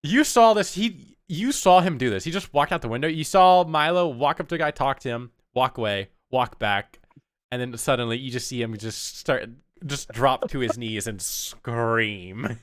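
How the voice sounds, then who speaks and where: A man narrating as game master in a tabletop game, animated and laughing often. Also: mid-range voice, normal speed, clear, resonant tone, dry recording, studio quality.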